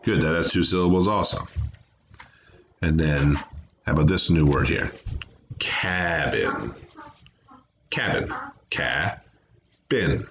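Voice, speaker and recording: A man's voice: very deep voice, moderate pace, pauses often, lo-fi sound, a little hiss or hum. A man teaching a remote phonics lesson to children, patiently sounding out words and syllables. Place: home, away from classroom.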